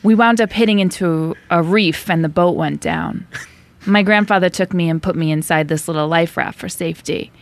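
A woman's voice: fairly low pitch, moderate pace, natural voice. A woman voicing an adult woman survivor who tells her shark story in a mock-dramatic New York accent. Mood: mock-grave. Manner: mock-dramatic, stifling giggles. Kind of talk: reading a film monologue aloud.

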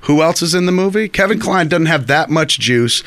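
A man's voice: on the high side, normal speed. A man co-hosting a podcast in casual movie chat, swearing freely and acting out quotes as he tells stories. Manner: profane, animated storyteller who acts out quotes. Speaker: podcast co-host.

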